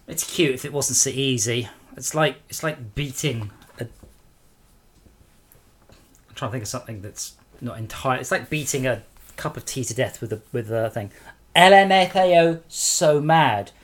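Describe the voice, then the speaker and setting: A man's voice: medium pitch, normal speed. A man streaming a game live and sarcastically scolding trolls in his chat.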